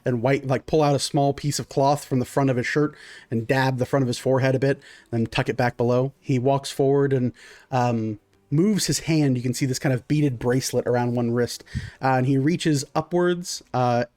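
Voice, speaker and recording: A man's voice: medium pitch, steady tone, normal speed, darkish tone, dry recording. A man narrating as game master in a tabletop game, casual with many fillers.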